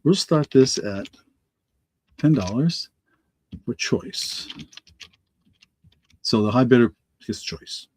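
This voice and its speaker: A middle-aged man hosting a live online auction, congested from allergies and slightly raspy, rambling and correcting himself as he answers viewers by name. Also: medium pitch, expressive, slow, pauses often, a little mellow, a little hiss or hum. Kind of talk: live-stream auction chat.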